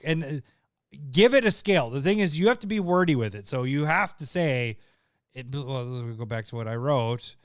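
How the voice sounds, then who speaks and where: A man co-hosting a casual podcast chat, laughing often, excitable, often trailing off mid-sentence. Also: medium pitch, moderate pace, clear, resonant tone, no room sound, studio quality. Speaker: podcast co-host.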